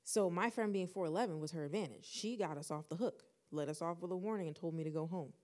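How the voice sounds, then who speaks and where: A young woman co-hosting a podcast, telling a personal story in casual chat and acting out the dialogue with lively shifts. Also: on the low side, quick pace. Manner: animated, acts out quoted dialogue. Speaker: podcast co-host.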